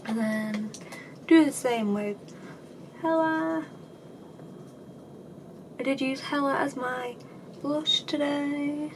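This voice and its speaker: Woman, high voice, casual makeup tutorial, dry sarcastic asides, steady background noise. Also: takes it slowly, pauses often. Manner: chatty and self-deprecating, with dry sarcasm. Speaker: beauty vlogger.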